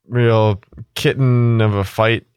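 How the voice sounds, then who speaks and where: A man in casual podcast chat, deadpan and easygoing. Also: lowish voice, slow pace, clean tone, dry recording, studio quality. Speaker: podcast player.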